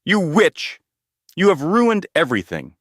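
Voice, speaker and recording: Male narrator doing a furious ruined husband, yelling high and strained, for a spoken story. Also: huge pitch swings, unhurried, no room sound, clean studio sound, full character voice. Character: enraged disgraced husband, young man.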